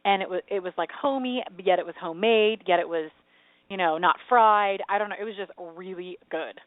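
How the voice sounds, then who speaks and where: A woman's voice: medium pitch, brisk, dry recording. Chatty woman on a tinny radio line. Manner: chatty, rambling, animated storytelling. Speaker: radio show co-host. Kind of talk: casual chat. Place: home. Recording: tinny phone-like radio sound, dry.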